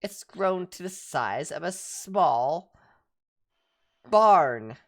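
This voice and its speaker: A woman's voice: low-pitched, expressive, very slow, exaggerated voice. A woman voicing a chatty, hungry male cat who rambles about food and guards his territory. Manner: rambling, easily distracted by food.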